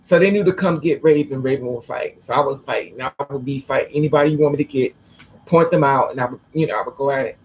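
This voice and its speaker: A woman telling a personal story to camera in a blunt, profane, animated way. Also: a bass voice, fast, slightly rough, low-quality recording. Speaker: vlogger.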